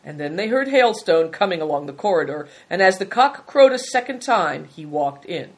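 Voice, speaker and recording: A woman narrating an audiobook story in a steady, measured way. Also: fairly low pitch.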